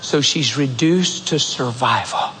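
A male pastor preaching a sermon in a church, telling stories in a direct, animated, conversational way. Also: mid-range voice, measured pace, slight background noise. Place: church sanctuary. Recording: echoey church hall, faint ambience.

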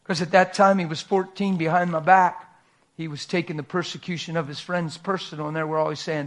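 A male pastor preaches with dramatic, folksy emphasis, talking straight to his congregation. His voice sits a little high for a man and stays forceful through the sermon. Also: fairly even intonation, a little fast.

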